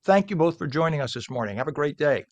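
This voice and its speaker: A man's voice: fairly high pitch, animated, fast talker. A man hosting a live TV morning show interview, chatty and joking, eating food on air.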